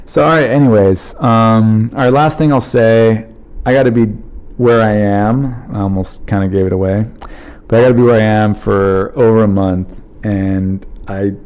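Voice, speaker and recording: A man in his thirties with a mellow, low voice talks alone into the mic as a podcast host. He rambles in a heartfelt, casual way and leans on fillers like "like" and "you know." His tone stays warm and unpolished. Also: fairly even intonation, normal speed, clean tone. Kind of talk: casual solo podcast monologue.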